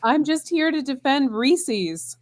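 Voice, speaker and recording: A woman with a cold-worn, fading voice, speaking a little high. She talks in a dry, self-deprecating way, and her voice sits close with no room sound. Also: animated, slow, no echo. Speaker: regular guest professor. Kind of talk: casual call-in chat.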